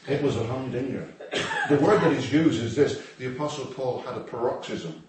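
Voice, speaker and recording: Male preacher, chatty and joking, recorded from afar in a booming hall. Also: normal speed. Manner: humorous, conversational, with asides and acted quotes. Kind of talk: sermon. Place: church hall. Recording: echoey hall, distant mic, faint noise.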